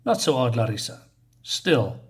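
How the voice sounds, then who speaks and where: A man reading a calm, skeptical army captain's lines aloud in a mock Russian-tinged way. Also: medium pitch, unhurried, pitched below the performer's own voice, close to an everyday voice.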